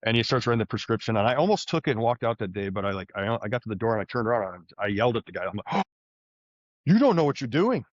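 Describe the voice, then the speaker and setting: Male podcast guest, mid pitch, eager storyteller who keeps restarting sentences, dry close sound, a bit dull. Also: rapid-fire, few pauses, no room sound. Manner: animated, frequent restarts and fillers. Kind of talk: conversational storytelling. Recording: dull, slightly muffled podcast audio.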